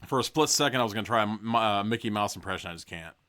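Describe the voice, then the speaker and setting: A man's voice: fairly low pitch, racing, bright, forceful tone. A man hosting a podcast, casually reading a gamebook aloud and breaking off with profane, joking asides. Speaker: podcast host.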